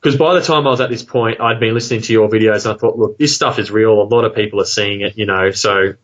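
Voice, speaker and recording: An Australian man tells a long personal story in a loose, rambling way, packed with fillers and asides. His voice sits on the low side. The audio is dull and lo-fi, like a call recording. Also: steady tone, quick pace, a bit bright. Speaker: guest telling an encounter story. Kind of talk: casual storytelling.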